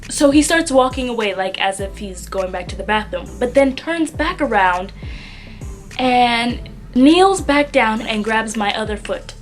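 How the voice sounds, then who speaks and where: A young woman telling a story in a casual vlog, chatty and animated. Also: fairly high pitch, measured pace, faint music behind. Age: young adult. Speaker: vlogger.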